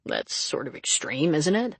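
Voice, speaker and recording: A reader voicing a calm, steady sheriff man. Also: mid-range voice, a little slow, husky, no echo, exaggerated voice. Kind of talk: audiobook character reading.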